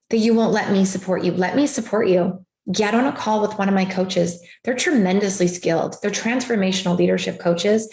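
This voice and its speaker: A woman speaks on a live stream as a motivational coach, leaning hard on repetition and emphasis. Her voice sits at an ordinary middle pitch for a woman. The sound rings with the echo of the room she is in. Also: darkish tone. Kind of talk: motivational livestream talk. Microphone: video call setup.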